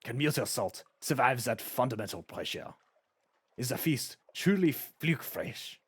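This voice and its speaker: Man doing a hammy old chef, fake French accent, excited babbling, bouncy lively pitch. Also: measured pace, slightly rough, dry recording. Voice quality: hammy, over-the-top accent. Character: excitable elderly male undersea chef, babbling.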